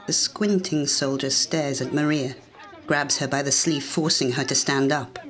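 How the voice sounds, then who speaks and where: An audiobook narrator giving a measured, deliberate reading of a scripted story. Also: medium pitch, steady tone, a bit bright.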